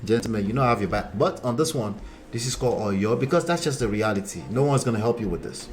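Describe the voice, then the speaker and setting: A man's voice: mid-range voice, expressive, quick pace. A man who hosts a relationship-coaching live stream. He talks bluntly and lectures, reading out viewer comments and speaking straight to the men watching.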